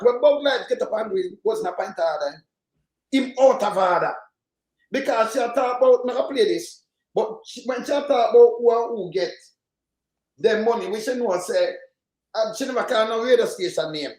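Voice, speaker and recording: Jamaican host going on about politics, highish voice, roomy echo. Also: male voice, a little fast, darkish tone. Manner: rambling, emphatic, patois-heavy. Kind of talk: casual political commentary. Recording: echoey room.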